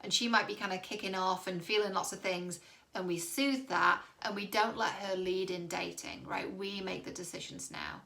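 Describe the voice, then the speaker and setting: A woman's voice: mid-range voice, fairly even intonation, normal speed, gravelly, fairly bright tone. A woman dating coach giving direct-to-camera relationship advice, candid and reassuring, with the odd casual swear.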